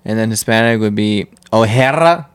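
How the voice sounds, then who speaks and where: Young male co-host, irreverent jokester, animated pitch, dry close sound. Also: normal speed, no room sound. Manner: joking, irreverent, laughs often. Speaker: podcast co-host. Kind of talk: casual chat.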